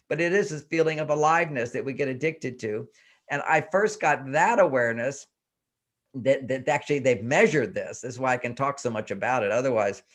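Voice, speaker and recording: An older man, a relationship expert guest on an interview show, explaining his ideas with animated emphasis and repeated phrases. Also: mid-range voice.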